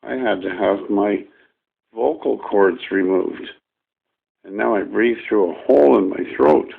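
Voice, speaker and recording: A man's voice: fairly low pitch, measured pace, vocal fry, narrow, tinny audio. A man ranting to camera in a rambling, folksy, profane way, as a vlogger airing his gripes.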